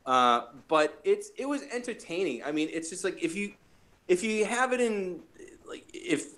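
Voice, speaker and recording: A man hosting a podcast in casual chat, profane and animated as he tells stories. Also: high-pitched, moderate pace. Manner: profane, animated storytelling with many restarts. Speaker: podcast host.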